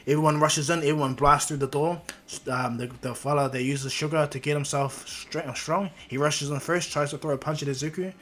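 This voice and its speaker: A man's voice: fairly high pitch, fairly even intonation, fairly quick, hardly any pauses, fairly bright tone. A man casually narrating a fan story off the cuff, with many fillers and restarts.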